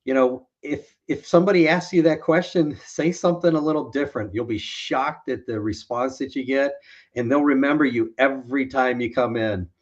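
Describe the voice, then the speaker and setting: A man's voice: medium pitch, normal speed. Man, co-host, easygoing storyteller, muffled lo-fi audio. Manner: laid-back storyteller, chuckles often. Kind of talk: casual podcast chat.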